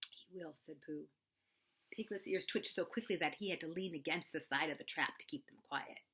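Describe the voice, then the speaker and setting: A woman storyteller reading a children's book aloud in an expressive, animated way. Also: low voice, a little fast, slightly rough.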